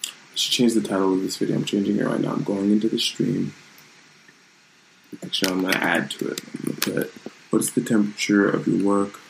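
A man's voice: on the low side, little pitch movement, fairly quick, gravelly, background noise. A man hosting his own channel, talking in a loose, rambling and reflective way in a casual live-streamed vlog from his room at home.

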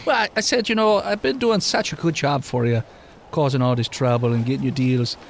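A man's voice: medium pitch, brisk, vocal fry, slight background noise, close to an everyday voice. A man putting on a folksy Irish-tinged ancient schemer. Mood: scheming, boastful. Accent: put-on Irish. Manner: rambling, folksy storytelling. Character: ancient world-weary man who tricked the devil.

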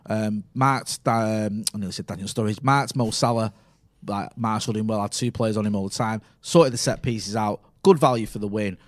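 A man's voice: lowish voice, moderate pace. A man co-hosting a casual football podcast, ranting about a rival manager in a rolling list of complaints. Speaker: podcast co-host.

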